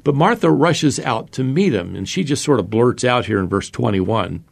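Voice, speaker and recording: Man, Bible teacher, gravelly voice, mid pitch, earnest sermon, slow emphatic scripture reading. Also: lively intonation. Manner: earnest, addresses listeners as beloved; reads scripture aloud with slow, emphatic pauses. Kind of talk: expository sermon.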